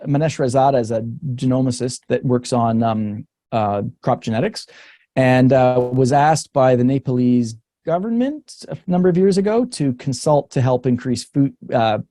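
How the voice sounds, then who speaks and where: Candid Canadian man, mellow dry voice. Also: mid-range voice, no room sound. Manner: frank, thinking aloud with many restarts; laughs between points. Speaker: researcher guest. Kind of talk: webinar conversation.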